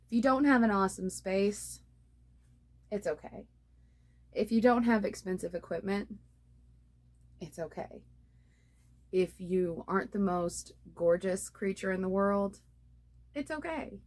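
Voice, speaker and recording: A young woman talking casually to her phone camera about starting a podcast, poking fun at her own mistakes. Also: medium pitch. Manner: self-deprecating, laughs at her own slips. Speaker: beginner podcaster and blogger. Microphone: phone on a ring light tripod.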